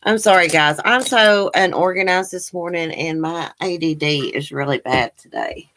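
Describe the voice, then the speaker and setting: A woman's voice: fairly low pitch, moderate pace, fairly bright tone, a little hiss or hum, low-quality recording. A woman chatting casually to her viewers at home, gushing and apologetic. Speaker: vlogger opening mail. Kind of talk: casual chat to camera. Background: dogs barking now and then.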